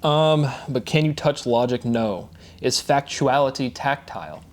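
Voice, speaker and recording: A man's voice: mid-range voice, animated, unhurried, a little hiss or hum. A man giving an unscripted lecture, rambling and often asking questions he answers himself, tagging "right?" onto his points. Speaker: independent lecturer. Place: room with a notebook at hand.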